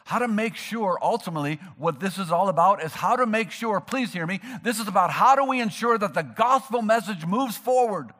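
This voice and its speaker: A man preaching a sermon, animated and emphatic, acting out the people he quotes. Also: high voice, a little fast, few pauses. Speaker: pastor.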